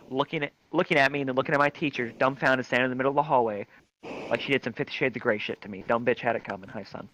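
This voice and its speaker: Animated male storyteller, crude comic anecdote, bright and lively, dry dull headset mic. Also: medium pitch, rapid-fire, a little hiss or hum. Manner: crude, animated, shrieks quoted lines. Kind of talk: comic anecdote told to a crowd.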